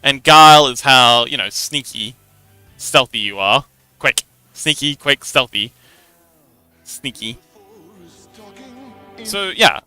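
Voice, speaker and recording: A man's voice: mid-range voice, expressive, a little slow, sharp tone, soft background music. A young man hosting a livestream, casually explaining how a tabletop game works, giggling and rambling with lots of restarts. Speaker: livestream host.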